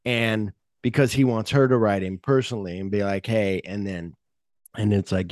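A man's voice: fairly low pitch, steady tone, moderate pace, darkish tone, no echo, clean studio sound. A man hosting a podcast, casually retelling movie scenes and acting out the lines he quotes. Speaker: podcast host. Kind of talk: casual film discussion.

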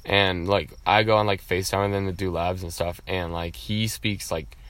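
Laid-back teenage guy, lowish voice. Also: steady tone, moderate pace, fairly bright tone, no room sound. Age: teens. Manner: laid-back, filler-heavy teen talk. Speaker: podcast co-host. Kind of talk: casual chat.

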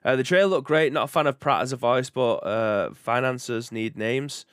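Chatty British podcast host, dry sound. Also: male voice, medium pitch, moderate pace, fairly bright tone, no room sound. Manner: chatty and rambling, reads out chat comments. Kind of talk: casual live-stream chat.

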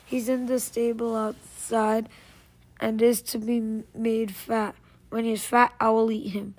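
A woman's voice: fairly high pitch, little pitch movement, unhurried, a little mellow. A woman voicing a cruel, scheming old witch in a read-aloud fairy tale, mocking and commanding.

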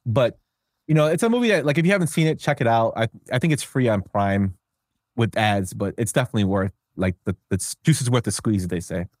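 A man's voice: mid-range voice, lively intonation, quick pace, darkish tone, no echo. A man hosting a podcast, chatting casually and rambling with filler words. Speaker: podcast host. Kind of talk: casual chat.

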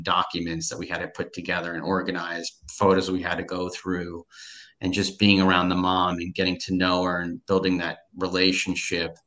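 A man with a very low, forceful voice talks as an interview guest, musing at length. He rambles thoughtfully and leans on fillers. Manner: rambling, reflective, many fillers. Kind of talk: casual interview chat.

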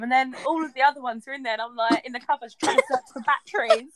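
A woman's voice: high voice, quick pace, few pauses, a crowd in the background. A woman, co-hosting a podcast in giggly, rambling casual chat. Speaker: podcast co-host.

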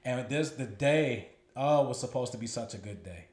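A man's voice: mid-range voice, animated, normal speed, a little mellow. A man tells a candid personal story on a podcast. He talks loosely and profanely and keeps circling back over his words as he thinks. His voice sits in an ordinary middle register, and it rings in an echoey room. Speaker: podcast co-host.

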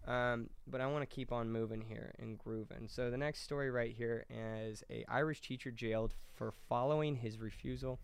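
A man's voice: mid-range voice, vocal fry, clean tone. A man hosting a casual political podcast, rambling and joking as he reads news headlines aloud on a close mic. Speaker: podcast host.

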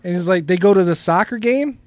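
High-voiced rambling podcast co-host man. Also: expressive, fairly quick, a little mellow, no echo. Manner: rambling, laughs often, drifts into loose anecdotes. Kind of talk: casual podcast chat.

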